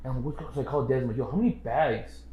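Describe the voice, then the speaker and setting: A young man chatting on a podcast in a quick, animated rush, voicing the people in his stories with loud outbursts. His voice is mid-pitched and sounds roomy, with echo off the walls. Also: a little hiss or hum. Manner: animated storyteller, acts out quotes loudly. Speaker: podcast co-host. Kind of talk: casual chat.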